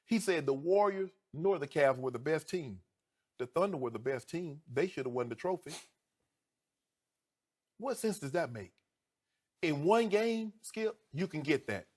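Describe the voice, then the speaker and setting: A middle-aged man, a sports commentator on TV, debating heatedly. He is emphatic and indignant, swinging from low, measured talk to a loud voice and a string of rhetorical questions. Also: expressive.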